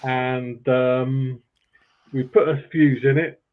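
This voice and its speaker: A man's voice: medium pitch, steady tone, takes it slowly. A man tells rambling, hesitant stories to a live panel. His voice comes through thin and tinny, like a phone line. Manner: rambling storyteller, hesitant with ums and uhs. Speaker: panel guest. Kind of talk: casual chat on a live stream. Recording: tinny phone-like call audio.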